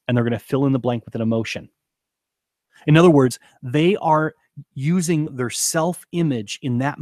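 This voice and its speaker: A man's voice: medium pitch, no room sound, clean studio sound. A man coaching on leadership, talking to camera in an earnest, emphatic way and repeating points for stress. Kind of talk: teaching talk to camera.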